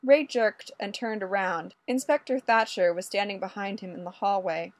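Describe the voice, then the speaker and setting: A woman narrating a story aloud in a lively, expressive way. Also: mid-range voice, normal speed, no echo. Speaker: audiobook reader.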